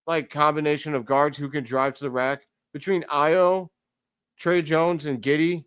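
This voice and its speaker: Excitable man calling a game. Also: on the high side, unhurried, smooth, no room sound, clean studio sound. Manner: excitable fan, talks to chat. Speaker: live stream host. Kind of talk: casual play-by-play commentary.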